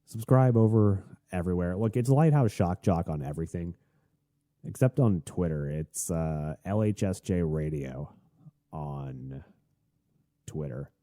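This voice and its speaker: A man hosting a solo podcast, talking in a rambling, chatty and excitable way. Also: sits low, a little slow, no echo, clean studio sound. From Tennessee. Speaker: podcast host.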